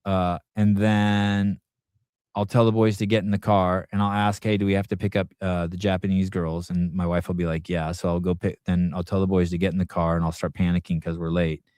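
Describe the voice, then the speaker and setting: A man's voice: sits low, little pitch movement, fairly quick, darkish tone, clear, resonant tone, no room sound, studio quality. Profane rambling podcast host man. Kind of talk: casual live podcast chat.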